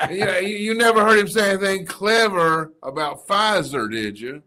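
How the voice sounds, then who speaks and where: A folksy man who cracks corny jokes and laughs along with them. His voice sits a bit high and rings bright and forceful. He talks in loose, casual banter on a live stream. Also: moderate pace, few pauses. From Kentucky. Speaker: video producer and co-host.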